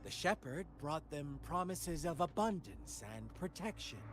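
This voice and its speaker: An actor playing a calm, scheming male storyteller in a game cutscene, with a measured, fable-telling delivery. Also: on the high side. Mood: storytelling. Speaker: game cutscene narrator and character. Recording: game cutscene with music behind.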